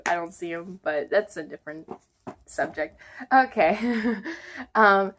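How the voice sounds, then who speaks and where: Slow, giggly young woman storyteller. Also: on the low side, a bit bright, a little hiss or hum. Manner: chatty, giggly, full of "like" and "um". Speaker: vlogger. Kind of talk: casual storytelling.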